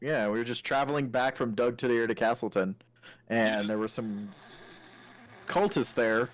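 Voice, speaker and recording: A man's voice: mid-range voice, fairly even intonation, normal speed, slight background noise. A man who plays in a tabletop game, describing his character's actions and cracking jokes that include swearing. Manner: joking, swearing. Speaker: player. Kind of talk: casual tabletop play.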